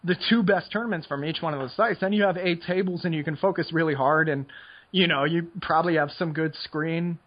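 Rambling husky-voiced young man. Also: a little high, brisk, highs cut off. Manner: rambling, filler-heavy with frequent "like". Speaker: poker player. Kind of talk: casual podcast chat.

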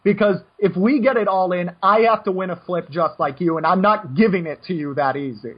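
A man coaching poker in casual chat, brash and animated, given to joking rants. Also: sits high, brisk, slightly rough, highs cut off.

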